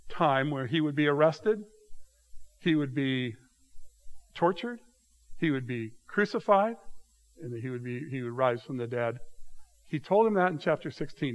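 A man's voice: a little high, low-quality recording. A man preaching a conversational, teacherly sermon that walks listeners through a Bible passage. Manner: conversational, teacherly, often asks "okay?". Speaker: pastor. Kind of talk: expository sermon.

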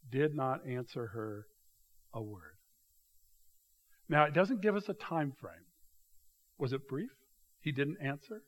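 A man preaching a sermon, walking his listeners through a passage with emphatic, animated storytelling. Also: mid-range voice. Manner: animated, emphatic storytelling with rising bursts of loudness; directs listeners to mark passages in their notes. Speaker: pastor.

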